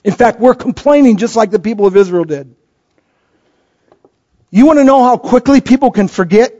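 A man's voice: very high-pitched, lively intonation, normal speed, a little mellow. A middle-aged man preaching a sermon as pastor, telling stories animatedly and acting out quoted voices. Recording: dull lo-fi recording.

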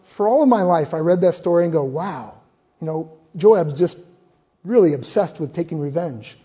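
Older male preacher, animated storyteller; warm, husky tone, slightly dull recording. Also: a little high. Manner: animated retelling, acting out dialogue. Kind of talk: sermon storytelling. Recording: muffled lo-fi sound.

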